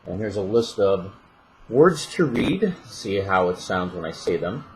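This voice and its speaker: A man from the St. Louis area with a light Midwestern accent, chatting casually and reading a word list in a relaxed, self-deprecating way. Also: deep voice, a little slow, background noise. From St. Louis area, Missouri. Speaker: vlogger and voiceover artist.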